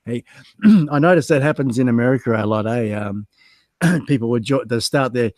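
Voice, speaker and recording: An Australian man, medium-pitched and a little mellow, talks at a normal pace while guest-hosting a relaxed livestream. Lots of ums and uhs accompany his chat-reading and self-mocking jokes about being stood up, and there's no echo.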